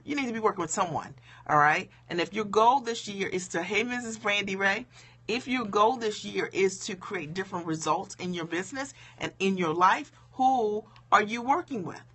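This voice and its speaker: A woman business coach talking to viewers on a live stream, emphatic and conversational, checking in with "okay?" and "right?", a bit low-key because it is late. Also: animated, normal speed, a bit bright, breathy edge. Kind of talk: motivational live stream talk.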